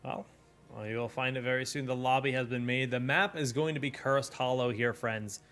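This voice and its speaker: A man's voice: mid-range voice, fairly even intonation, moderate pace, a bit bright. Young male esports caster, loose and jokey, mid-range voice, faint music underneath. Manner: casual, joking banter with chat. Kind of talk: live esports commentary.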